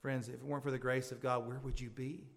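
In a church sanctuary with long hall reverb, a male pastor preaches a sermon, pleading with his congregation and building to fervent, high-pitched appeals. He talks fast with vocal fry and little pitch movement overall.

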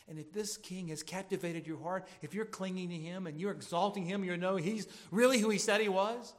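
A middle-aged man preaching a sermon as pastor, swinging from quiet, gentle passages to loud, emphatic exhortation. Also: fairly high pitch. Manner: preaching with wide swings from hushed to shouting.

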